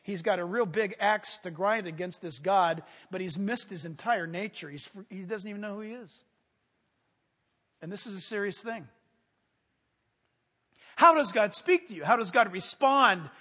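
A man preaching a sermon as a pastor, telling stories with animated energy and sudden shouted commands. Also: sits high, moderate pace, pauses often. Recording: long hall reverb.

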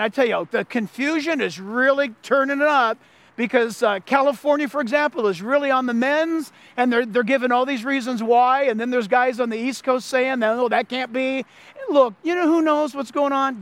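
A man pastor giving an animated, emphatic sermon, often repeating his phrases for effect. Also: very high voice, normal speed. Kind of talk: Easter sermon.

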